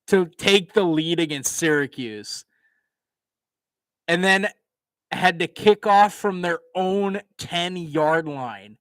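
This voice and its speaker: A young man giving casual live play-by-play commentary from home, excitable and chatty. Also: high-pitched, slow, long pauses, no echo. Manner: excitable, chatty, laughs and hums between plays.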